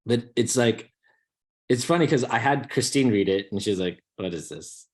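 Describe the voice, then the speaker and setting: A man co-hosting a podcast in casual chat, telling stories excitedly and laughing a lot. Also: medium pitch, moderate pace. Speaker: podcast co-host.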